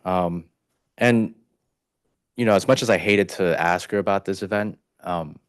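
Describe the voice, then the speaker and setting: Deep-voiced man testifying in court. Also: clean tone, no room sound, clean studio sound. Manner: halting, heavy use of "you know" fillers.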